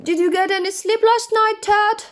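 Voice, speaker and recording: A woman voicing a friendly, eager male dog in a children's storybook reading, bright and chatty. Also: very high voice, fairly even intonation, moderate pace, pitched above the performer's own voice.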